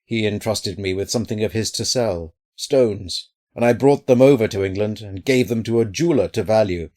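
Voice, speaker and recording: A man's voice: lowish voice, normal speed, darkish tone, close to an everyday voice. A man voicing a terrified, furtive man hiding from an enemy, whimpering and sly by turns. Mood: confessing. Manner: whimpering, then sly and cunning.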